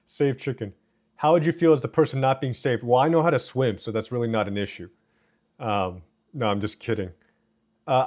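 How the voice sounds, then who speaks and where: A man's voice: mid-range voice, a little mellow. A man streaming live, reading his chat aloud and bantering with his viewers in a joking way. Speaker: livestreamer. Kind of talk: casual livestream chat.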